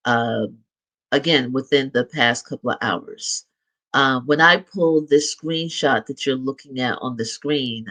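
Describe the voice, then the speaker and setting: Poor audio captures a middle-aged man with a medium-pitched, slightly bright voice hosting a live show. Casual and upbeat, he makes announcements, restarting now and then and laughing lightly.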